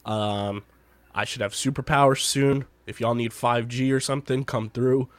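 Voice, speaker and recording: A man's voice: medium pitch, fairly even intonation, moderate pace, no room sound. Tired, congested male podcast host. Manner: loose, rambling, upbeat banter. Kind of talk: casual chat.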